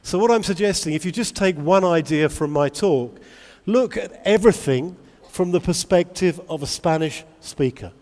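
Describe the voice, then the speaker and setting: A man giving a lively conference talk to English teachers, asking the audience many questions. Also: sits high, normal speed, few pauses. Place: large convention hall. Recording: long hall reverb.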